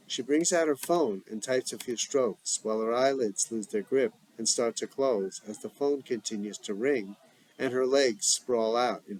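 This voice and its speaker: Man reading a script aloud with stage directions; plain, deliberate, even. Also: mid-range voice, rough recording. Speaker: script reader.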